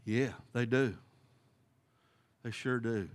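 A man's voice: mid-range voice, fairly even intonation, takes it slowly. A man teaching a Bible study in a folksy, conversational way, thinking aloud and posing questions to the group.

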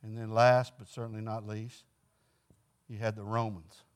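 A man's voice: on the low side, level tone, normal speed, clean tone. A man leading an informal Bible study class in a folksy way, putting questions to the group and answering them himself.

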